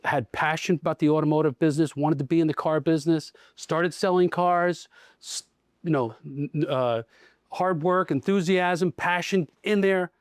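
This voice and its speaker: A middle-aged man who works as a dealership general manager chats casually in a podcast interview, telling stories and acting out the dialogue in them. His voice is fairly high and clear with a resonant tone, fairly even intonation and normal speed. The studio-quality recording has no room sound.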